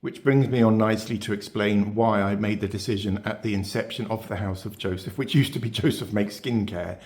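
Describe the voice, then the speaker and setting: Brisk and fairly low-pitched, with a darkish tone and fairly even intonation, this man talks to camera on his beauty channel. He rambles in a chatty way, full of fillers, false starts and rhetorical questions aimed at viewers.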